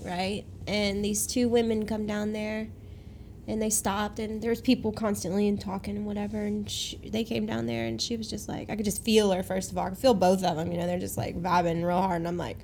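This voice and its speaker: A woman in casual conversation, an animated and emotional storyteller. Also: medium pitch, brisk, gravelly, slight background noise.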